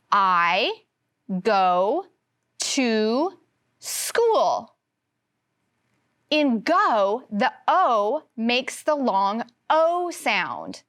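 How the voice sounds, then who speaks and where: A woman teaching a first grade phonics lesson, slowly sounding out words for young children. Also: on the high side. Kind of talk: televised classroom phonics lesson.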